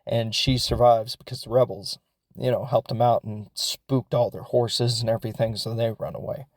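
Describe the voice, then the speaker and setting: A man's voice: mid-range voice, flat delivery, moderate pace, dry recording. A man hosting a podcast, recapping a film in a casual, rambling way, with lots of fillers and laughs as he goes. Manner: rambling and chatty, many fillers; laughs as he talks. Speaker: podcast host.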